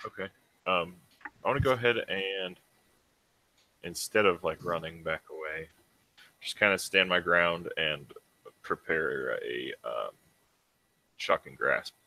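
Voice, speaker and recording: Male tabletop player, very low voice with a bright edge, hesitant and thinking aloud. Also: slow, long pauses, dry recording, poor audio. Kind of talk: tabletop game play.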